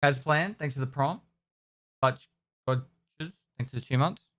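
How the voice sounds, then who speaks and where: A man's voice: mid-range voice, normal speed, fairly bright tone, no room sound. A man, chatting casually on a gaming live stream, rambling as he answers chat messages. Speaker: game streamer.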